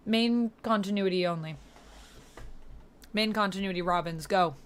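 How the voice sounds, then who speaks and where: A woman's voice: mid-range voice, unhurried, pauses often, fairly bright tone. A woman streamer in casual livestream chat, reading and thanking her chat viewers as she talks.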